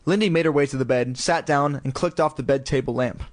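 A man's voice: mid-range voice, brisk. A man reading a children's story aloud in a casual, irreverent way, throwing in crude ad-libs. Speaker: reader.

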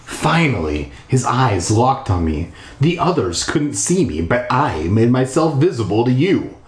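A man's voice: mid-range voice, big pitch swings, a little slow. A man reading a horror storybook aloud from his bathtub, with crude rambling asides. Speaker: storybook reader. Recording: echoey bathroom.

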